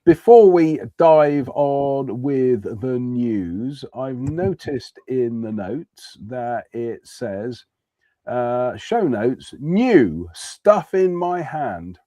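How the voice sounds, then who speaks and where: A man's voice: mid-range voice, animated, very slow, mellow, no echo. Man with a cold hosting. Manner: chatty, jokey. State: has a cold. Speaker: host. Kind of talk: casual livestream chat.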